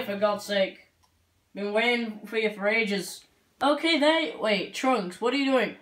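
A woman's voice: medium pitch, slow, a bit bright. Woman let's-player, joking banter, sits off-mic in a roomy space over game music. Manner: chatty, joking, says like a lot. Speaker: gameplay commentator. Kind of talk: let's play commentary. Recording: echoey room, far from mic, game music.

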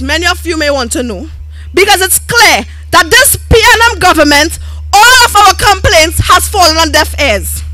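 A woman's voice: very high voice, pushed and bright, no echo, rough recording. A Trinidadian woman giving a rousing campaign rally speech as a political candidate, calling to the crowd in rhythmic, chant-like lines.

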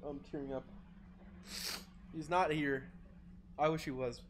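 A man's voice: a little high, fairly even intonation, unhurried, slight background noise. A young man live-streaming, chatting casually with a joking, sarcastic, swearing manner.

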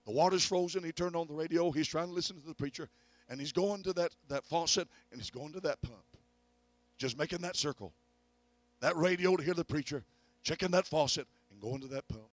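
A middle-aged evangelist preaching at a revival, telling a family story and rising to loud peaks of faith. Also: male voice, on the high side, a little fast, dry recording. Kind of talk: revival sermon. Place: church.

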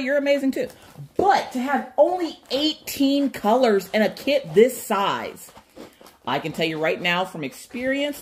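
A woman hosting an unboxing vlog, chatty and excitable, talking straight to her viewers. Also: medium pitch. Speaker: craft channel host.

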